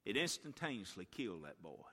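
A man preaching a revival sermon as a guest speaker in a church, telling a story and building to impassioned shouts. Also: on the low side, big pitch swings, a little fast, slightly rough. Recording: long church reverb.

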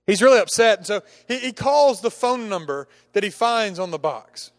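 A man's voice: high-pitched, lively intonation, normal speed. A man preaching a sermon, telling a humorous story with many restarts and acting out the characters' lines.

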